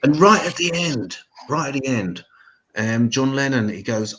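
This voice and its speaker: An English man hosting a stand-up comedy show, talking to the audience with sarcastic, swearing asides and deadpan jokes, on a stage mic in a live venue. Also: mid-range voice, unhurried, slight background noise, poor audio.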